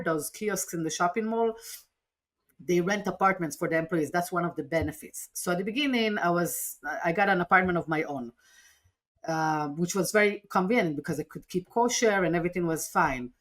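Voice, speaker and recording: Telling her own story on a podcast as an interview guest, a woman with a lowish voice speaks at a normal speed. Her delivery is earnest and animated, with frequent sentence restarts.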